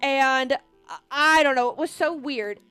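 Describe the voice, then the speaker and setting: A young woman with a high voice tells a rambling storytime over her gameplay. She fills it with "like" and swears freely. The sound is dry and close. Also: measured pace, bright, forceful tone, no echo, faint music behind. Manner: rambling, swears a lot, lots of "like". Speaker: vlogger. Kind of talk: casual storytime while gaming.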